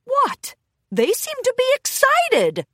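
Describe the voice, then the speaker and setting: A woman's voice: high-pitched, big pitch swings, measured pace, a bit bright, no room sound, clean studio sound, voice pushed up, full character voice. A woman voicing a proud, goofy father pony who tries to sound like a pirate in a storybook reading. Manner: proud, boastful.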